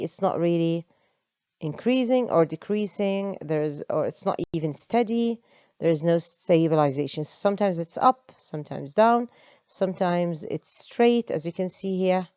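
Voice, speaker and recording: Lady teaching english, patient step by step, lowish mellow voice, dry sound. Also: lively intonation, a little slow, dry recording. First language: Arabic. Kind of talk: online English lesson.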